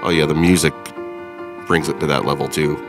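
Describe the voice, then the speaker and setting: A man's voice: extremely low pitch, steady tone, fairly quick, vocal fry, music in the background. An American man hosting a podcast, reacting to a video in blunt, profane, joking casual chat. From United States. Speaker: podcast host.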